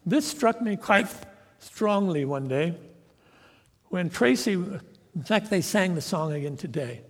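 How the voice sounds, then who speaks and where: A man's voice: high-pitched, expressive, moderate pace, gravelly, slightly rough. Man preaching in an echoing hall. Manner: storytelling with acted-out quotes. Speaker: preacher and professor. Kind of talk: sermon. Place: church sanctuary.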